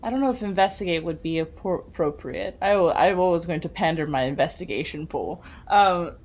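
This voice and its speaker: A woman's voice: lowish voice, brisk, darkish tone, a little hiss or hum. A woman player in a tabletop game who talks casually and thinks aloud.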